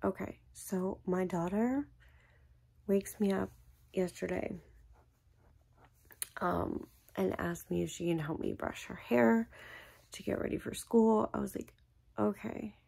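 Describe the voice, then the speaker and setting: A woman's voice: mid-range voice, unhurried, gravelly, long pauses, mellow, breathy edge. A woman in her thirties chatting casually to her viewers as a vlogger, rambling through a story with many fillers and sometimes dropping to a whisper. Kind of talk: casual chat.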